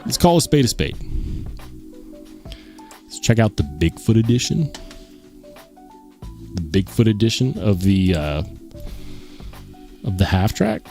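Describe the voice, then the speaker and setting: A man's voice: on the low side, sing-song, slow pace, pauses often, dark tone, soft background music. A man hosting a live stream, chatting casually and rambling to his viewers, calling them guys. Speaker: livestream host.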